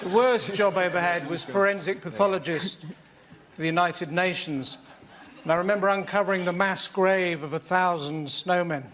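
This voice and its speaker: A male comedian delivering deadpan absurd one-liners on a panel show, taped in a noisy studio. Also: high voice, moderate pace, crowd noise.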